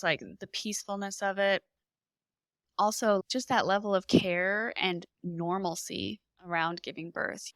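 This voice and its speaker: Woman in her 30s telling a story, bright and crisp, close dry mic. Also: fairly low pitch, no room sound. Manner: animated storytelling, acting out quoted lines. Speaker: podcast guest.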